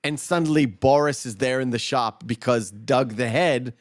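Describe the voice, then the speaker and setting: A man's voice: mid-range voice, moderate pace, dry recording, studio quality. A man co-hosting a casual movie podcast, recapping scenes in a rambling way with lots of fillers. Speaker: podcast co-host.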